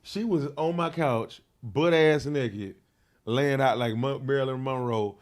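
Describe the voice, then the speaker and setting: A man telling a wild personal story in an interview, slangy and profane, full of fillers, getting loud and animated as he acts it out. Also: mid-range voice, unhurried. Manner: grows loud and animated when reenacting. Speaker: interview guest.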